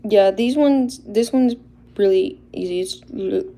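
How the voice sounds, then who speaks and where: A woman's voice: mid-range voice, unhurried, warm tone. A young woman, chatting casually and a little shyly on a livestream, laughing often as she shows handmade toy figures. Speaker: livestream host showing custom toy figures.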